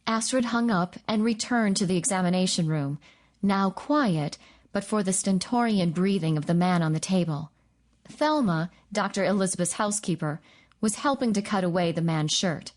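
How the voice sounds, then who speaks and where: A woman reading a novel aloud in a steady, measured audiobook narration. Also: lowish voice. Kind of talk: scripted narration.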